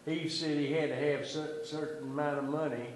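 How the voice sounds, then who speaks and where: A man in the congregation chiming in with quiet, offhand remarks from the pews. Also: fairly high pitch, level tone, moderate pace, slight background noise. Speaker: congregation member. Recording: echoey room, distant from the mic.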